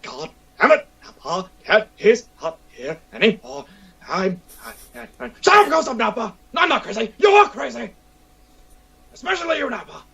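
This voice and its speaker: A man voicing a hot-tempered, arrogant male cartoon alien prince who shouts insults, pitched well above his usual voice. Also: big pitch swings, moderate pace, gravelly, recorded from a distance, heavily acted. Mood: ranting.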